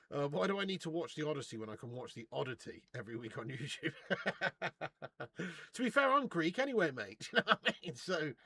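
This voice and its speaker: A man's voice: on the high side, big pitch swings, fairly quick, pauses often, pushed and bright, slightly rough, dry recording. A man hosting a live football watch-along, reading out viewer messages and bantering with plenty of swearing and laughter. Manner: reads out viewer super chats.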